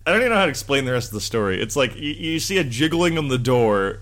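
A man's voice: mid-range voice, big pitch swings, fast talker, background noise. A man co-hosting a podcast, rambling through a casual chat with a laughing, sarcastic manner.

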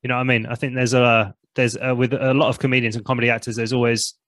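A man's voice: mid-range voice, flat delivery, fast talker, fairly bright tone, no echo. A man chatting as a podcast guest, a former comedian and vocal coach, talking loosely and swearing freely, often trailing off and restarting. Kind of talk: casual chat.

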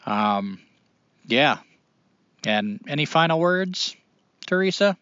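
A man's voice: on the high side, big pitch swings, takes it slowly, fairly bright tone, clean tone, dry recording, dull audio. Rambling, earnest male podcast host. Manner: rambling, earnest, with frequent fillers. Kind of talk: casual podcast chat.

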